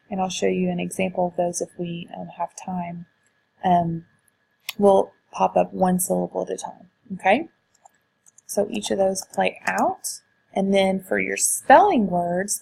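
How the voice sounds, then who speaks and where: A woman's voice: mid-range voice, vocal fry, mellow, slightly rough, poor audio. A woman teacher walking through her lesson slides, explaining how she uses them, with frequent fillers. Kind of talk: screen-recorded teaching walkthrough.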